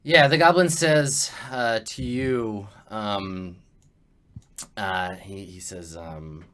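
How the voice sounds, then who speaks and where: Male game master, bright voice, halting, filler-heavy narration. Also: fairly low pitch.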